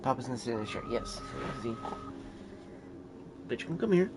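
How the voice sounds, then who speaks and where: Speaking at a moderate pace with long pauses, this man has an expressive, mid-range voice. He's a console game streamer in casual off-camera chat at home, cooing baby talk to his cat and cursing without restraint over a noisy household backdrop.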